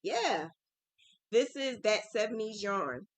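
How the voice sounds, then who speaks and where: A woman chatting to her viewers about crochet, chatty and excitable, often saying "like" and "oh my God". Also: mid-range voice, takes it slowly, no echo, poor audio. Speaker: crochet vlogger. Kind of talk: casual chat to viewers.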